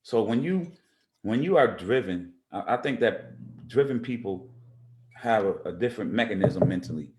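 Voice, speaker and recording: A man's voice: lowish voice, expressive, moderate pace, heavy background noise. A man who is a rapper, talking as a guest in a casual interview, earnest and emphatic, often repeating words as he builds his point.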